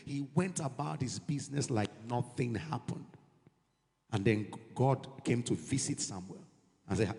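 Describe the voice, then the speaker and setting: A man preaching a sermon in church, animated and mixing in pidgin asides. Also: medium pitch, normal speed, vocal fry. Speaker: pastor. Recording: long church-hall reverb.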